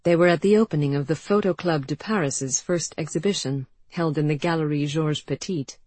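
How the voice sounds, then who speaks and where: An audiobook narrator reading a period novel in a measured, expressive way. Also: medium pitch, dry recording. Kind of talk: scripted narration.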